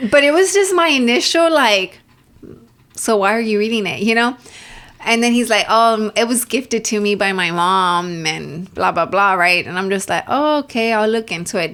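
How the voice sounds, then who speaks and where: A woman's voice: mid-range voice, moderate pace, a bit bright. Rambling woman podcast co-host. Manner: rambling storyteller, acts out quoted dialogue, heavy on "like" and "right?". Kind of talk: casual chat.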